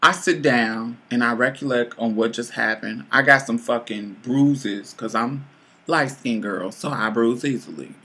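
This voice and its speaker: A woman in her late twenties telling a personal story to camera, bluntly and with heavy profanity, swinging between loud outbursts and low mutters. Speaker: vlogger. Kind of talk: storytime monologue.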